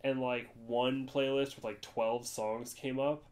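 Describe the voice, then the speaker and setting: In casual podcast chat, this American co-host rambles through his stories and switches to a high-pitched voice to quote other people. His delivery is level, a little slow, and slightly mellow.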